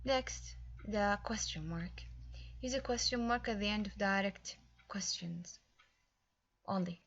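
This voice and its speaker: A woman with a bright, forward voice walks through a grammar lesson, explaining each point patiently with small fillers along the way. The recording is slightly dull and lo-fi. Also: mid-range voice, slow. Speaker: English teacher.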